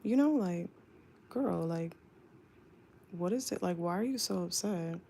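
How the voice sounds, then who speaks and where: A young woman with a lowish voice and a heavy creaky fry tells a work story as a casual storytime. She is chatty and animated, and she says "like" all the time. She sounds like she is talking loosely with friends. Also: measured pace, a little hiss or hum. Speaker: flight attendant.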